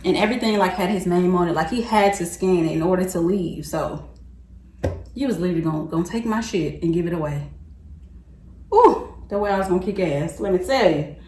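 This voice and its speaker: A young woman vlogger telling a story to her viewers in a slangy, animated, chatty way, often laughing. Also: lowish voice, brisk, reverberant, a little hiss or hum. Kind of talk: casual storytelling to camera.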